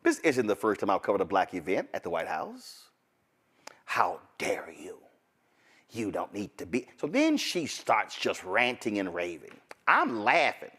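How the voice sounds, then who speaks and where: A man's voice: fairly low pitch, huge pitch swings, moderate pace, a bit bright. A male talk show host doing a commentary monologue, telling a story with asides to his audience.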